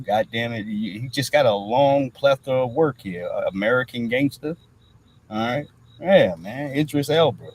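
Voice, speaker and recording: On a low-quality recording, a livestream host with a mid-range voice rambles casually. He swears freely and drops "all right" in between almost every thought.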